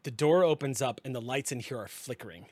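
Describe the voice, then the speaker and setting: A man running a tabletop game as game master, narrating scenes in an unhurried, descriptive way with small restarts. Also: mid-range voice, lively intonation, a little mellow, breathy edge, no echo.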